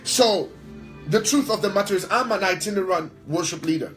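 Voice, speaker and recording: A man's voice: sits high, brisk, fairly bright tone, soft background music, poor audio. Emphatic man with a raised voice. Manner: emphatic, repeats phrases for stress. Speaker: worship leader and pastor. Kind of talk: interview answer, preacher-like talk.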